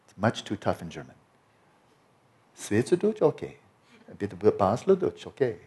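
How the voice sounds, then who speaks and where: A man voicing a playful, nonchalant lucid dreamer who chatters in mock German, loud and jokey. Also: fairly low pitch, sing-song, normal speed, breathy edge, exaggerated voice.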